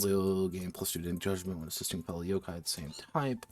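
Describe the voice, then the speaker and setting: Rambling, slightly tipsy low-voiced man. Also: little pitch movement, a little fast, darkish tone, faint music behind. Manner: rambling, restarts and self-corrections, slightly slurred. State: tipsy from drinking. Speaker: tabletop game designer streaming his work. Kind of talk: casual thinking-aloud stream.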